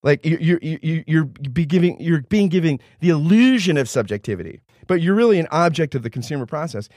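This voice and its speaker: Man, podcast guest, casual chat, animated, restarts often, dry close mic. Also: on the high side, a little fast, no echo. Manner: animated, restless with many restarts.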